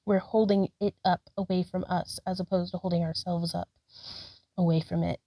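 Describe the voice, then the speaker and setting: Woman, yoga vlogger talking through poses, out of breath, breathy with sighs, mellow tone, dry close sound. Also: on the low side, level tone, normal speed, dry recording, rough recording. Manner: breathy, sighing between cues; upbeat, self-encouraging. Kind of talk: guided yoga practice narration.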